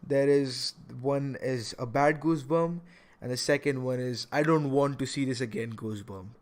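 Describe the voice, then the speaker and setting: A young man hosting a casual podcast, talking in an animated way with many stammered restarts. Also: mid-range voice, normal speed. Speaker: podcast host.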